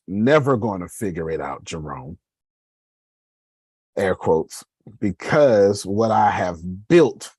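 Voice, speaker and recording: On the low side and a little mellow, the man's voice comes through a dry recording. He rambles conversationally through a casual motivational talk on his business, addressing listeners as y'all and restarting as he goes.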